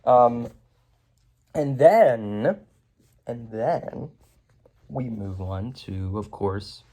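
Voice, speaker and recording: A man talks through a movie in a loose, rambling review, full of fillers and restarts. His pitch swings about a lot as he recaps scenes. He chuckles at the jokes as he goes. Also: animated, very slow, mellow. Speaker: film reviewer.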